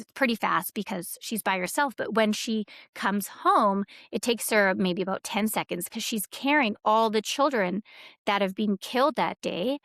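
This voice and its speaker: A woman's voice: mid-range voice, normal speed, gravelly, a bit bright, no room sound, studio quality. A woman guest on a podcast, telling stories in a rambling, casual way, with many fillers and quoted dialogue. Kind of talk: casual conversational storytelling.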